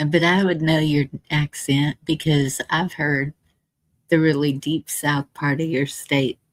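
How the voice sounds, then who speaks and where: A woman's voice: deep voice, steady tone, slow pace, no room sound. A woman from San Antonio co-hosting a casual live stream, giggly and laughing often. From San Antonio, Texas.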